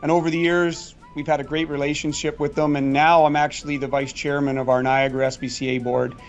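A man's voice: on the high side, little pitch movement, a little fast, lo-fi sound, faint music behind. A middle-aged man answering interview questions in a chatty, storytelling way, with fillers and restarts. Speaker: guest magician.

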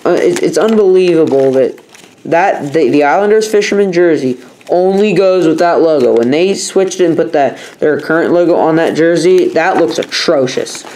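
A man's voice: on the high side, normal speed, darkish tone, a little hiss or hum. A young man chatting casually in his own vlog, rambling and emphatic in his opinions. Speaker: vlogger.

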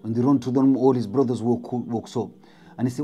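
Dark-voiced man telling a dramatic story. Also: medium pitch, steady tone, fast. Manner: dramatic, repetitive, drops to whispers. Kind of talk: spoken storytelling.

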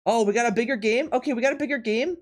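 Playing a drawing game, a casual live streamer chats straight to viewers through a desk mic. The middle-pitched voice comes in quick, stumbling bursts, with repeated words and frequent laughter.

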